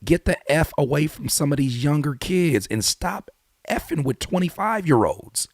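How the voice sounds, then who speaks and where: A man hosting his own channel, giving blunt, animated hip-hop commentary full of rhetorical questions and casual swearing. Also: a little high, normal speed, no room sound, studio quality. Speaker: YouTube host and rapper. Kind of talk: opinionated music commentary.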